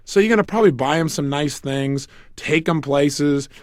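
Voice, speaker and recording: A man giving a motivational seminar on relationships, talking in an animated way and acting out couples' arguments with joking asides. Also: on the high side, moderate pace, no echo, studio quality. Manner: animated, acts out quarrels between couples. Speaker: self-help speaker.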